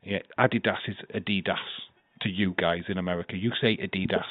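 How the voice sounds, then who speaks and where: A man's voice: sits low, steady tone, fast, no echo. A British man co-hosting a podcast, patiently explaining and correcting in casual banter. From United Kingdom. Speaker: podcast co-host. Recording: tinny phone-like call audio.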